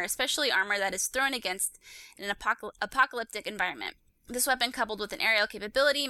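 A young woman co-hosting a casual podcast, chatty and quick to laugh, reading listener emails aloud. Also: on the high side, sharp tone, no echo. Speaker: podcast co-host.

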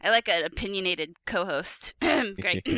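A woman hosting a podcast, chatting casually and recapping an episode, upbeat and quick to laugh. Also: medium pitch, sing-song, bright, forceful tone, no room sound. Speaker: podcast host. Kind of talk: casual chat and story recap.

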